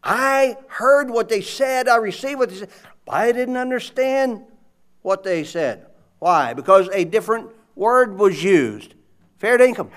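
High-voiced preacher man. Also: measured pace. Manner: animated, conversational, audience call-and-response. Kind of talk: sermon.

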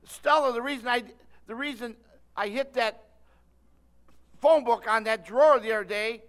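An older man preaching a sermon, telling a story with lively delivery and calling on listeners by name. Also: very high voice, normal speed, smooth.

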